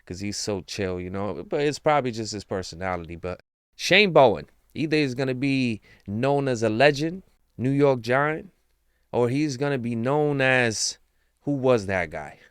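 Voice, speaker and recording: A man talks through his team's chances in a casual, rambling, slangy way that swings between excitement and hushed asides. His voice is smooth and resonant. The recording is close and dry, with almost no room sound. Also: mid-range voice, moderate pace, dry recording. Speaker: sports commentator. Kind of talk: casual fan commentary.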